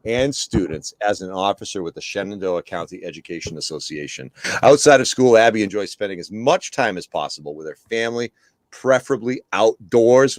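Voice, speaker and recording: Man, very low voice, dry sound, friendly energetic co-host, reads guest introductions. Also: dry recording. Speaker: middle school principal, co-host. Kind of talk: live-streamed talk show hosting.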